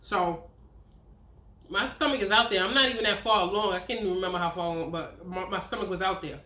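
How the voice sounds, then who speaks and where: A woman's voice: mid-range voice, fast talker, pushed and bright. A woman, telling a candid, profane personal story on her vlog. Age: 30s. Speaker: vlogger. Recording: roomy echo.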